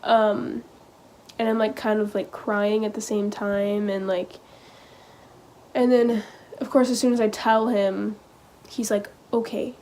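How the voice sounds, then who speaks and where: Teen girl vlogger, average pitch, casual storytelling, hesitant and filler-heavy. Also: level tone, dark tone, slight background noise. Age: teens. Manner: hesitant, halting, heavy use of "like" and "um".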